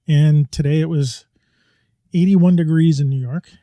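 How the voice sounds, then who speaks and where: A man's voice: a little high, fairly even intonation, unhurried, warm tone, no room sound. A middle-aged man co-hosting a podcast in casual chat, rambling and chatty and often laughing as he talks. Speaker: podcast co-host. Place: home, New York.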